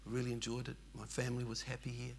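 An older Australian man tells his own story with a gravelly, creaky edge to his voice. He speaks earnestly and emphatically, and his sentences ramble and circle back. A faint hiss sits under the recording. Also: mid-range voice, completely flat delivery, quick pace. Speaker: churchgoer telling his story. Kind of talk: personal testimony storytelling.

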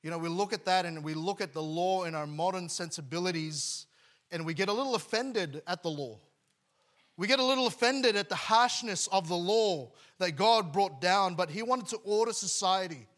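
A man's voice: high voice, moderate pace, a bit bright. A man preaching a sermon to his congregation, emphatic, often restarting words and letting his voice drop at the end of phrases. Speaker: pastor.

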